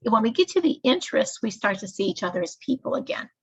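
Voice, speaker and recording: Gravelly-voiced woman teaching a workplace lesson. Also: fairly high pitch, sing-song. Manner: measured, explanatory. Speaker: staff trainer. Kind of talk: recorded training lecture. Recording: dull lo-fi recording.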